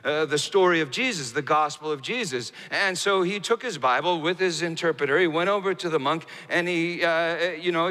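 A man preaching a sermon, telling a story with emphatic rises and hushed, slow passages. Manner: storytelling, swinging from raised emphatic bursts to hushed, low, slow delivery. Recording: hall reverb.

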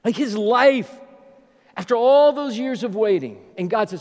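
A middle-aged man preaching a sermon as a pastor, an animated storyteller who jokes his way through. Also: very high-pitched, unhurried, long reverb tail.

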